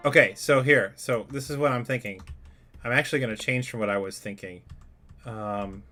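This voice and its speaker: A man's voice: medium pitch, moderate pace, pushed and bright. A man hosting a live stream, chatting casually and joking as he thinks aloud while writing music. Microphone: USB studio microphone.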